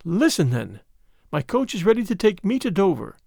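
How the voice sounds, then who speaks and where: A man's voice: sits high, big pitch swings, moderate pace, vocal fry, warm tone, no echo, clean studio sound, exaggerated voice. A man doing an urgent, pleading noble lady. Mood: resolute. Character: desperate noble lady, earnest and proud.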